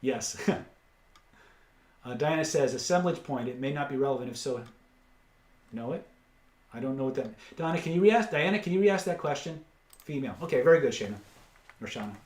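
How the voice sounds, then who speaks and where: A man hosting a live online webinar, pitching course bundles and rattling off dollar values in a salesy patter. His voice sits at an ordinary pitch and carries a noticeable room echo. He drops blunt, casual asides between the numbers. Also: expressive, brisk, long pauses, a little mellow. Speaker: webinar host and seller.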